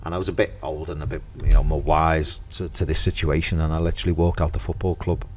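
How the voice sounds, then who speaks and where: A middle-aged man with a Merseyside accent, a podcast guest in casual chat, telling lively anecdotes and acting out the dialogue. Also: very deep voice, quick pace. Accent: Merseyside English. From Merseyside, England.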